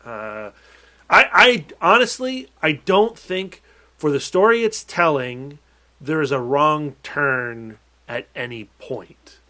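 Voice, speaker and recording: A man's voice: a little high, expressive, slow pace, pushed and bright. A man co-hosting a casual film podcast, speaking earnestly with hesitant starts. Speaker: podcast co-host.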